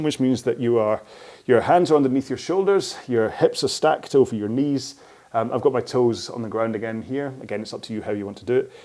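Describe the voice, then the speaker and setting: A man's voice: mid-range voice, creaky, darkish tone. A man leading a follow-along stretching cooldown, chatty and rambling, laughing at his own slips, speaking into a microphone close to his chin. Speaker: rowing and fitness instructor. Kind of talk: follow-along workout instruction. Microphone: microphone close in front of his chin.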